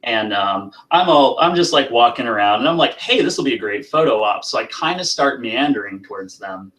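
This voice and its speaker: A man's voice: mid-range voice, animated, fairly quick, fairly bright tone, low-quality recording. A man, a guest prop maker, telling a self-deprecating story in casual chat. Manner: laughing, self-deprecating anecdote.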